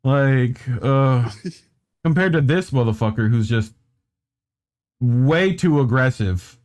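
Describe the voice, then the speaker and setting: Laughing a lot and cursing nonstop in a slow drawl, a man hosts a laid-back chat show where he reacts to funny clips. His mid-range voice has a darkish tone and lively intonation.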